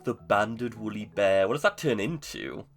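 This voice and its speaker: A man's voice: lowish voice, expressive, moderate pace, gravelly, fairly bright tone, soft background music. A man streaming live gameplay, chatting to himself in a self-mocking way and laughing easily. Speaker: video game streamer.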